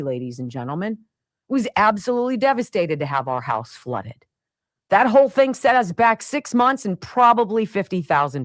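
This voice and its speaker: Animated, venting talk show woman. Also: fairly high pitch, dry recording. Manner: animated, venting, mimics sounds and voices. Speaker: radio talk show host. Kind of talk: opinionated monologue. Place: home studio with camera. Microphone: studio mic.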